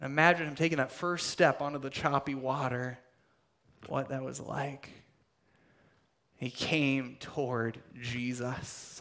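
Male pastor, slightly high voice, expressive sermon delivery that swings from emphatic to hushed. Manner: dramatic, swings between loud emphasis and hushed near-whispers.

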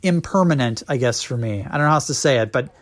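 A man's voice: medium pitch, fast. A man in his thirties co-hosting a casual movie review chat, joking and talking in long run-on sentences. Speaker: podcast co-host.

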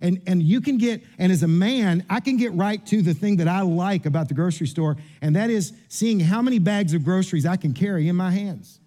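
A man's voice: high-pitched, brisk, few pauses, mellow. A middle-aged male pastor preaching a sermon, telling humorous stories about himself and often repeating words as he restarts. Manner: storytelling with humorous asides and self-mockery.

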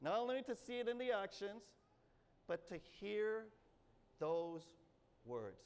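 A man's voice: high voice, very animated, slow, clean tone. A male pastor giving a sermon in a church, earnest and repeating his phrases, with coaxing asides to the congregation. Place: church sanctuary. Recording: reverberant church hall, faint ambience.

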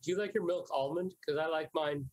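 Husky teasing man, dry sound. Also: a little high, dry recording, rough recording. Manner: teasing, chases punchlines with quick jabs. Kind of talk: improvised comedy banter.

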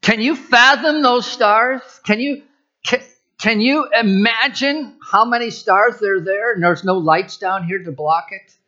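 A man's voice: high-pitched, measured pace, bright, forceful tone, highs cut off, pitched above the performer's own voice. A man voicing God as a patient, encouraging male figure, coaxing and pointing things out.

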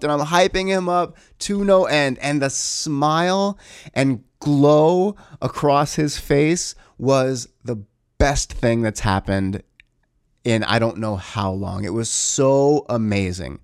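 A man in his thirties telling a rambling, animated story about his son, swearing casually. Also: on the high side, measured pace, no echo, studio quality.

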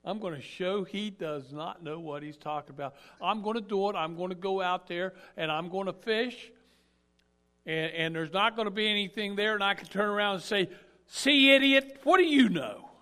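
A man voicing a stubborn, grumbling fisherman who talks in a loud, exasperated, mocking way. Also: high voice, normal speed, pitched above the performer's own voice. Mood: scheming.

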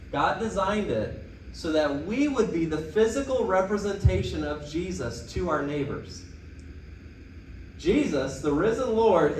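High-voiced man preaching in an echoey church. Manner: animated preaching, emphatic quoted asides. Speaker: pastor. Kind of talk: sermon. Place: church sanctuary. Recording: echoey room, distant mic, faint noise.

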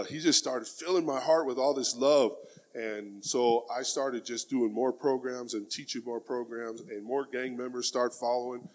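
A middle-aged man speaks at an ordinary medium pitch, telling his own story in an earnest, heartfelt way. His talk is plain and casual, and he often drops in the word "man". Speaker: speaker giving personal testimony. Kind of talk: earnest spoken testimony.

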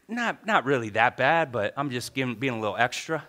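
A man preaching a sermon as pastor, telling a story lively and acting out his own grumbling thoughts. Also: medium pitch, a little fast, few pauses.

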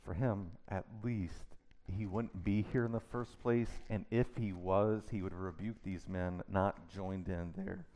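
A man's voice: sits low, fairly even intonation, measured pace, mellow. A middle-aged man preaching a sermon in an emphatic, conversational way, full of rhetorical questions. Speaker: pastor.

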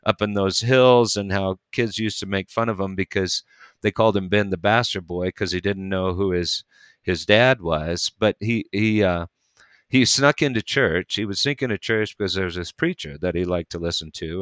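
A preacher with a lowish, smooth, resonant voice tells a story in relaxed conversation. He picks up speed and energy in bursts. The sound is dry and close. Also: no echo. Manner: animated storyteller, quick bursts.

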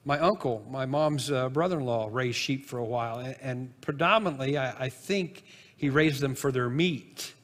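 A man's voice: medium pitch, normal speed, fairly bright tone, in a large hall. A man preaching a sermon as pastor in a church, in a conversational, folksy way with asides and restarts, from the northern United States.

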